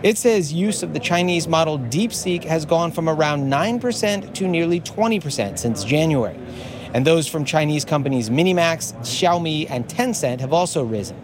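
Male radio reporter, measured delivery. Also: a little high, expressive, crowd noise. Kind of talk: scripted news report.

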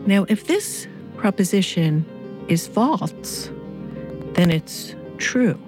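A woman explaining ideas carefully in a conversation, thoughtful and measured, pausing as she works through examples. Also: on the low side, very animated, music in the background. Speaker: guest expert.

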